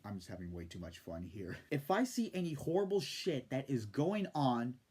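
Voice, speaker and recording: A man's voice: mid-range voice, sing-song, normal speed, darkish tone, slightly rough. A man ranting in casual video commentary, sarcastic and profane. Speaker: YouTube commentator.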